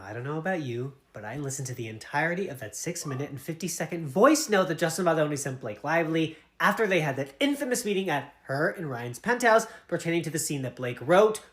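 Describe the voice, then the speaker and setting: A woman giving opinionated, emphatic celebrity gossip commentary. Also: deep voice.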